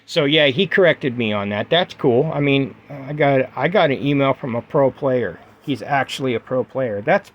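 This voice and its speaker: A man's voice: mid-range voice, lively intonation, normal speed, few pauses, lo-fi sound. Emphatic middle-aged man ranting casually. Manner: emphatic, repetitive advice-giving with fillers. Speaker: gaming vlogger. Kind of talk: casual vlog talk to camera.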